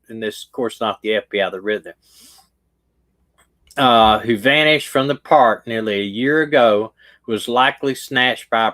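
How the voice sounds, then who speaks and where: A retired detective with a Southern US accent and a lowish, slightly bright voice hosts a livestream, casually talking through a case. He rambles, restarts his sentences, and stumbles over words, and the recording is low quality.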